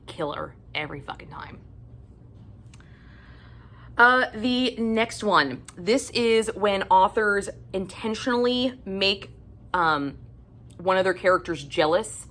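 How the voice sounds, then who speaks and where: A woman's voice: lowish voice, bright, forceful tone. A woman book vlogger ranting bluntly and profanely about things that annoy her in romance novels, in a casual monologue.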